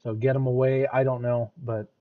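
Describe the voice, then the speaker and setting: Brief: American guy, reaction streamer, halting thinking-out-loud delivery, a bit dull lo-fi mic. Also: medium pitch, level tone. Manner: hesitant, restarts and repeats words. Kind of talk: casual commentary.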